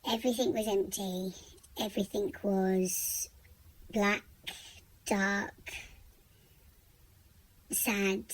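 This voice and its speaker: Halting woman telling her story. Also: medium pitch, slight background noise. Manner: halting, repeats words, raw and unscripted. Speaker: vlogger. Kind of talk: personal storytelling vlog.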